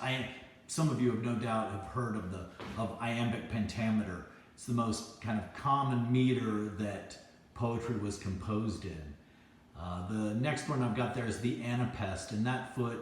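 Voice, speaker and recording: Slow, unhurried male poetry teacher, roomy. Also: on the low side, a little hiss or hum. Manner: loose and hesitant, with frequent fillers and restarts. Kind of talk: informal classroom lecture. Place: classroom with a chalkboard.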